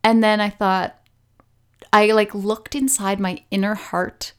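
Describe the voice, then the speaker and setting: A woman, hosting a podcast and telling a personal story in a chatty, animated way, laughing easily. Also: mid-range voice, a little slow, clear, resonant tone. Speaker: podcast host.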